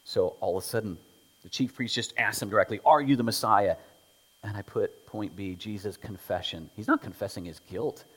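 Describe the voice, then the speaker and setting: A man preaching a sermon, telling the story with animated delivery, acting out quotes and dropping to whispers. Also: fairly low pitch, fairly quick, breathy edge. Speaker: pastor. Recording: long hall reverb.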